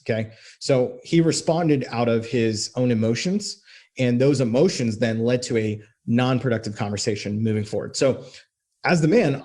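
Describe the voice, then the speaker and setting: A man's voice: medium pitch, a little mellow. A man giving direct, profane relationship coaching as he walks through a text exchange. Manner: direct, profane, reads quoted texts aloud.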